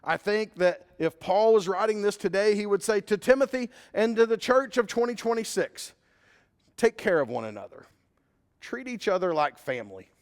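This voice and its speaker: In a church sanctuary with long, echoing reverb, a pastor speaks at normal speed in a high, sing-song voice. His sermon is conversational, mixing scripture with a story from his own life.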